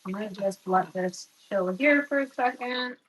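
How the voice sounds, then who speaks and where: A young woman chatting casually as she cooks in her home kitchen, swearing freely and telling stories in a lively way. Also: medium pitch, normal speed, slight background noise, low-quality recording. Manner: chatty, profane, animated storytelling. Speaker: vlogger. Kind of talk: casual cooking vlog chat.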